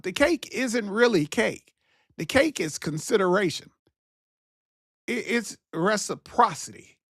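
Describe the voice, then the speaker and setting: A man's voice: high voice, creaky, fairly bright tone, dry recording, studio quality. A man hosting his own talk show, speaking in a casual, preachy monologue that repeats its key phrases. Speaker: podcast host.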